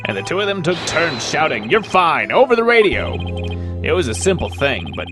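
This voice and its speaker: Male reader as a middle-aged astronaut, earnest and animated, fairly high voice, game music under. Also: moderate pace. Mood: fond. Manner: earnest, swings from hushed to excited. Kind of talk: reading game dialogue aloud.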